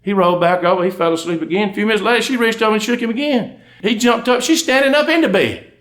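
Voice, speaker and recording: A Southern man in middle age tells folksy undertaker stories to a crowd. His drawl rolls out quickly. He keeps a slightly high pitch and often breaks into laughter. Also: fairly bright tone. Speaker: country undertaker and storyteller. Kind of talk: comic storytelling to a live audience. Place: stage before a live audience.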